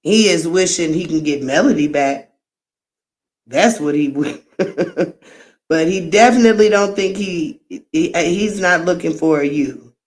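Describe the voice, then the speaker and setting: Slow-talking woman giving frank live commentary. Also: on the low side. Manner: frank, exclaiming, laughing asides. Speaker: host.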